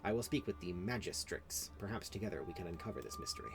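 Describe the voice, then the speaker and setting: Orwenna, a man voicing a calm, measured elf. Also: deep voice, over loud music.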